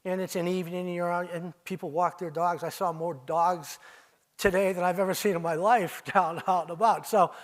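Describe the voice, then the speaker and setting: High-voiced older man telling owl stories. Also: fairly even intonation, brisk. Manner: storytelling, addresses listeners as you, mimics owl calls. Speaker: owl researcher giving a festival talk. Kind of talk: live presentation to an audience. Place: arts center auditorium.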